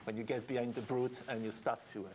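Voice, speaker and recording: A man's voice: mid-range voice, level tone, fast talker, very noisy. A game developer, a man, patiently explaining design details in an interview.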